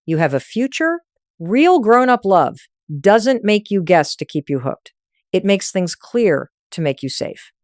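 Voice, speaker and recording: A woman's voice: medium pitch, very animated, measured pace, a little mellow, dry recording, clean studio sound. A woman delivering a scripted motivational monologue on relationships, direct and emphatic in punchy short sentences. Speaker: relationship advice speaker.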